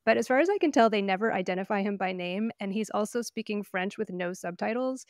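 Woman, podcast co-host, casual opinionated chat, mid pitch, dry close mic. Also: quick pace, no echo. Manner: opinionated, chatty, lots of fillers and laughs. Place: living in Oregon.

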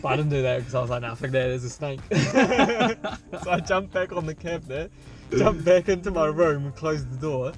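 A man's voice: on the high side, moderate pace, music in the background. A young man telling a rambling, profane dream story to a friend in casual chat. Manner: rambling, profane, animated retelling full of "like".

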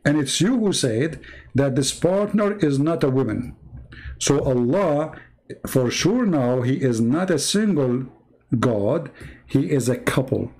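This Middle Eastern host, whose first language is Arabic, speaks in a medium-pitched, expressive, slow, slightly mellow voice. Running a live stream in accented English, he taunts his opponent with sarcasm, his grammar broken throughout.

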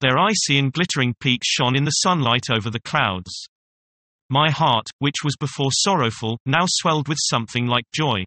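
An audiobook narrator reads a classic novel aloud in scripted first-person narration. His mid-range voice carries a measured, even storytelling manner, with no echo.

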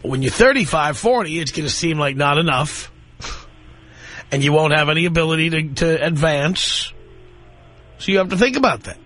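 A man's voice: a little high, expressive, normal speed, long pauses, a bit bright, soft background music. A middle-aged man hosting a call-in radio talk show, blunt and lecturing, with dry sarcasm toward callers.

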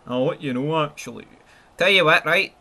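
A man with a Scottish accent giving live, foul-mouthed gameplay commentary, swinging between excited yelling and glum muttering. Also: a little high, moderate pace. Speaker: gaming channel host.

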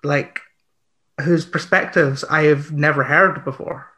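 A man speaking on an online panel, excitable and halting, full of fillers and restarts. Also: on the high side.

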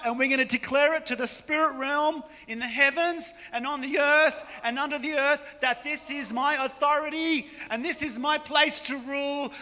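High-voiced joking Australian preacher. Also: male voice. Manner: joking, animated, often shouting. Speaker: pastor. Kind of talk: lively preaching sermon. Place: large church hall. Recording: long church hall reverb.

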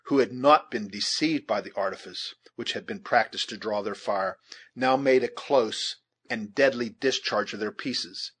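Man, audiobook narration, husky voice, measured steady storytelling, mid pitch.

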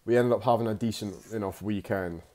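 A young man recounting a story in a loose, rambling way, laid-back and peppered with slang and swearing. His voice sits a little low. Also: steady tone, fairly quick, a little mellow. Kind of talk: casual spoken storytelling.

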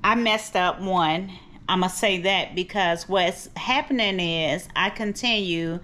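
Chatty rambling woman vlogger, low voice. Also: fairly bright tone. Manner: rambling, chatty, addresses viewers as cousins. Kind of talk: casual chat to camera. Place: at home, kitchen.

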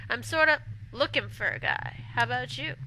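A woman's voice: high voice, moderate pace, pushed and bright, a little hiss or hum, poor audio. A woman voicing a young man in a game, flustered and apologetic, reading stumbling dialogue aloud.

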